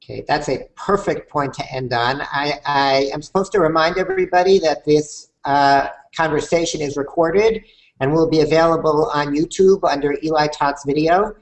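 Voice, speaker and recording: Guy hosting a talk, calm and thoughtful, a few ums here and there. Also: fairly high pitch, poor audio. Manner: measured, thoughtful, slightly hesitant with fillers. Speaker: host, conversation moderator. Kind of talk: reflective conversation.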